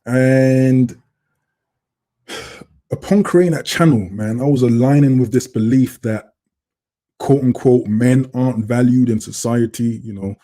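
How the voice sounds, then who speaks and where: A man's voice: medium pitch, unhurried, long pauses, warm tone. A man hosting a casual livestream, chatting and reading out comments from viewers on a computer mic. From Britain. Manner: chatty, reads out chat comments. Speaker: livestream host. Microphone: computer webcam mic.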